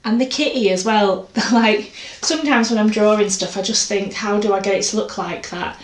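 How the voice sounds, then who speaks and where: A woman's voice: mid-range voice, normal speed, loud music behind the voice. A woman chatting casually about her art, rambling and self-deprecating. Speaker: artist vlogger. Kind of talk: casual chat. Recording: echoey room, faint noise.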